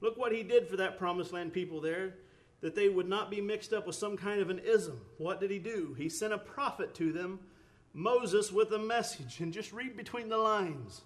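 A man's voice: high-pitched, normal speed. A man preaching a sermon, earnest, with rising emphatic bursts, often repeating words and restarting phrases.

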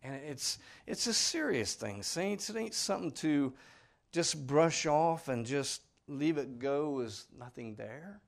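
A man's voice: fairly high pitch, lively intonation, slow pace, vocal fry. A man preaching a sermon in a folksy, earnest, pleading way, speaking plainly to his congregation. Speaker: pastor.

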